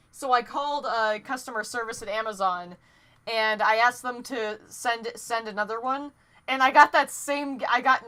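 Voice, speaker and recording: A young woman chats loosely on her home stream while she draws. Her voice sits a little high. She rambles and gets excited, laughs often and stumbles over her own sentences. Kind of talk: casual live-stream chat while drawing.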